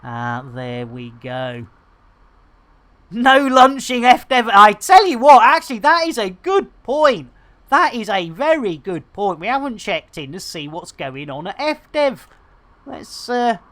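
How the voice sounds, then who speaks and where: A woman streams a game with jokey, rambling chatter and pet catchphrases. Her pitch swings widely, bouncing up and down as she talks. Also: big pitch swings, measured pace, a bit bright. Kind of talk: game livestream commentary.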